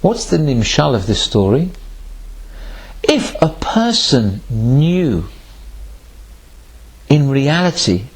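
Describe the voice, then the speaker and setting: A man, a rabbi, giving a sermon and telling a parable with animated storytelling. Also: very high voice. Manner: animated storytelling, acts out voices.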